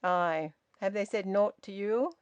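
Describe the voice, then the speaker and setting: A woman reading the lines of a weary elderly father who speaks softly and plaintively in plain dialect, in an audiobook. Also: mid-range voice, unhurried, clean tone, dry recording, natural voice. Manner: melancholy softness, plain dialect speech.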